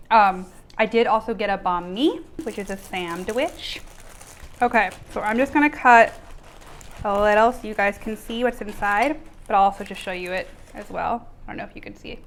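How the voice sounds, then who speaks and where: A woman's voice: mid-range voice, moderate pace, slight background noise. A woman host presenting a food review, upbeat and speaking to the camera.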